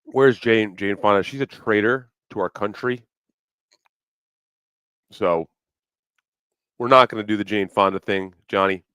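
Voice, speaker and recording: A man with a low, smooth voice chats loosely on his livestream, swearing freely and wandering between topics with lots of fillers. The sound is close and dry, with no room echo at all. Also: steady tone, unhurried, long pauses, fairly bright tone. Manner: loose, profane, rambling with fillers. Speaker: livestream host. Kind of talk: casual livestream chat. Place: home, New York City.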